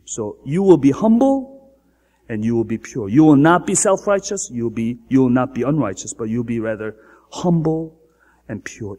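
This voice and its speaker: A male pastor delivers a sermon in a slightly husky, fairly high voice that rises and falls with lively emphasis. He repeats key phrases and builds to emphatic peaks. The sound carries a long, echoing reverb, as in a large hall. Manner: emphatic preaching with repetition and rising emphasis.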